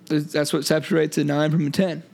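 A young man with a gravelly, slightly raised voice co-hosts a casual podcast chat. He talks in a loose, joking way, full of ums and restarts. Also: on the high side, flat delivery, a little fast, darkish tone. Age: young adult. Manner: laid-back, filler-heavy, joking. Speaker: podcast co-host.

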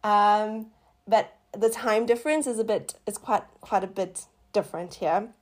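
A middle-aged woman hosting a faith talk, telling a personal testimony in a casual, excitable way with sudden high exclamations. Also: a little slow. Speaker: faith podcast host.

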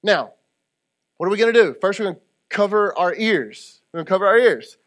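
High-voiced pastor preaching casually. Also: male voice, animated, fairly quick, a bit bright. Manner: conversational preaching with audience call-and-response asides. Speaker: lead pastor. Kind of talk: sermon.

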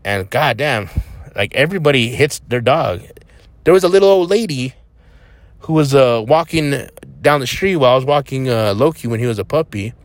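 A young man from New Mexico rambles casually on his own podcast, blunt and full of swearing. His voice sits at an ordinary pitch. He records from inside a parked vehicle, and the sound is close and dry. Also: normal speed, dry recording. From Albuquerque, New Mexico. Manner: profane, blunt and defiant. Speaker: podcast host.

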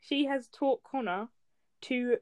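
A woman's voice: high voice, takes it slowly, crowd noise. Laughing teenage girl telling stories. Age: teens. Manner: laughing, storytelling, teasing. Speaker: co-host. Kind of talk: casual chat.

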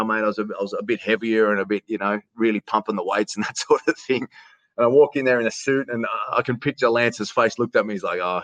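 A middle-aged Australian man in a casual interview, telling stories in a chatty, animated way and calling the host "mate". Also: fairly low pitch, dry recording. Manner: chatty, animated storyteller who says "mate" often. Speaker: interview guest, sports announcer.

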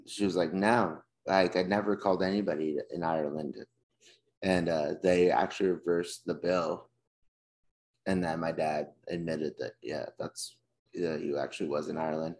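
Deep-voiced laid-back male podcast host. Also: darkish tone. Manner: laid-back, swears, steers the topics. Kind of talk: casual chat.

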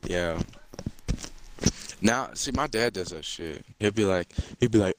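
Young male podcast co-host, lowish voice, blunt, profane, rambling casual delivery. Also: expressive, moderate pace, a little hiss or hum, low-quality recording. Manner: blunt, swears a lot, rambling with many fillers. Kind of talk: casual chat.

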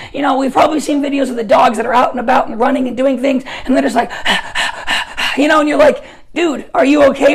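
A young adult woman preaching a sermon, telling stories in an animated way, with soft asides and shouted emphasis. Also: sits high, vocal fry, husky, low-quality recording.

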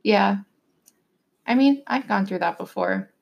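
A woman's voice: mid-range voice, animated, a little slow, vocal fry, highs cut off. A young woman talks casually, stringing her story together with endless "like" fillers. She drops in little acted-out bits of what people said, keeping the tone loose and conversational. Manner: chatty storytelling, constant "like" fillers, acts out quotes. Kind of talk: casual chat.

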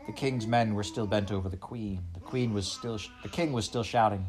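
A man reading a children's novel aloud, a measured storyteller who often speaks straight to the listener. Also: fairly low pitch, fairly even intonation, darkish tone. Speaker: audiobook narrator.

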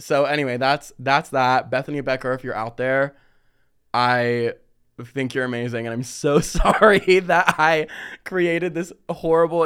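Animated young man telling stories. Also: smooth. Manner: animated, laughing, quoting himself in higher voices. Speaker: storytelling vlog host. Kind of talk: casual storytelling.

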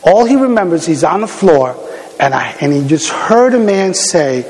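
A middle-aged man preaching a sermon as a pastor, telling stories in an animated way, with frequent fillers and restarts. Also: on the high side, normal speed. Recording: long hall reverb.

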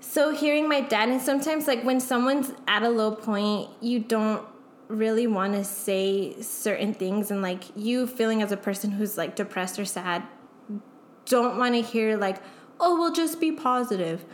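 Young woman guest, slightly high voice, raw and candid, roomy echo. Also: steady tone, normal speed. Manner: emotional, frequent "like" fillers, swearing. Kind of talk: candid casual chat. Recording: echoey room.

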